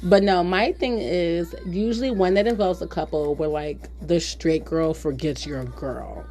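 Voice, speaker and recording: A woman podcast host telling candid stories in casual chat, blunt and animated, with many "like"s. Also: on the low side, a little slow. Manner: blunt, animated storyteller with frequent "like".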